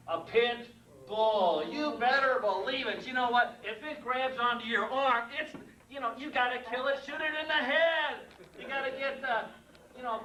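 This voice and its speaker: A man's voice: extremely high pitch, a little hiss or hum. Older man telling a comic story. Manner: animated, acts out sounds, chuckles at own jokes. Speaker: mailman giving a speech. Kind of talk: humorous storytelling speech. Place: meeting room with audience. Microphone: far room mic. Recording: echoey room from far off.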